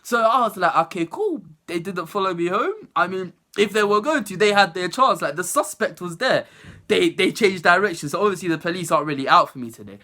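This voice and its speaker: A young woman tells a story to camera, her pitch leaping around in an animated, lively way. The tone is bright and clear, and she breaks into laughter as she goes. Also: quick pace. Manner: animated, laughing, acts out other people's voices. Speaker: vlogger. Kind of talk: storytime vlog.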